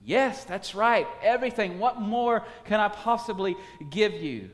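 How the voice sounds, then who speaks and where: A man voicing an excitable, greedy jeweler who gushes and pleads. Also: high voice, measured pace, voice pushed up. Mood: eager. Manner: gushing, breathless and pleading. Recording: long hall reverb.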